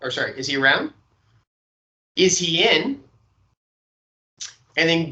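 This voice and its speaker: A man's voice: a little high, sing-song, moderate pace, long pauses, sharp tone, rough recording. A man teaching a sales training lecture, checking in often with "okay?" and demonstrating inflections.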